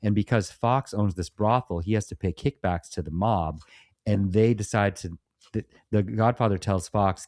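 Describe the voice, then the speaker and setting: A man's voice: fairly low pitch, moderate pace, darkish tone, dry recording, clean studio sound. A man co-hosting a podcast, laughing often and adding plot details in casual chat. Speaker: podcast co-host. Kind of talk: casual film review chat.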